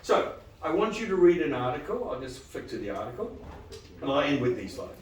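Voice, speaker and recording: A man giving a live lecture to dentists, animated and quizzing the audience with frequent questions. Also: on the high side, fairly quick, roomy sound, far from the mic, rough recording. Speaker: dental lecturer.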